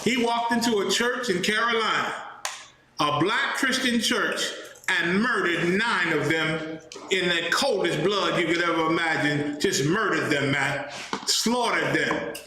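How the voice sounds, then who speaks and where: A man with a high, bright voice gives fiery commentary and hammers his points again and again. He sounds indignant and emphatic. The recording rings in a very echoey room over a faint hiss. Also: unhurried. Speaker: host and teacher. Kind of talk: heated commentary.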